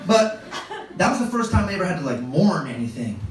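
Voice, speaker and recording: A stand-up comic in an echoey club. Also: male voice, a little fast. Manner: animated storyteller, jumps into high-pitched voices for his kids. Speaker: stand-up comedian. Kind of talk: stand-up comedy storytelling. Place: comedy club stage with a laughing audience. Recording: echoey live room, distant mic, background noise.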